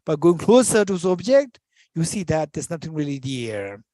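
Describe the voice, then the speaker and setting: A man's voice: on the high side, sing-song, moderate pace, mellow, no room sound. A man teaching Buddhist philosophy in English, repeating phrases and restarting as he explains. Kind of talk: dharma teaching.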